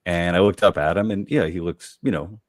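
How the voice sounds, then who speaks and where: A man, a comedian, telling personal stories in relaxed conversation, halting with lots of fillers and repeated words. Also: low voice, no room sound, clean studio sound. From United States. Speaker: comedian guest.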